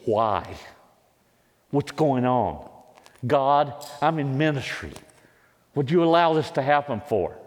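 A man in his fifties delivers a sermon as personal testimony, pressing hard and rising into loud, pleading cries. His voice has an ordinary middle pitch for a man. It carries a long reverb off the walls of a large hall. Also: expressive, slow pace, long pauses. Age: 50s. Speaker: preacher.

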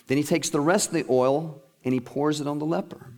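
A middle-aged male preacher telling a Bible story in an animated, lively way during a sermon. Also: fairly high pitch, fairly quick. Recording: echoey hall.

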